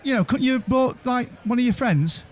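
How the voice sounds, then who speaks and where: A man co-hosting a podcast in casual chat, telling jokes with halting restarts. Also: extremely high pitch, lively intonation. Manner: halting, stammering restarts, chuckling joke teller. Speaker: podcast co-host.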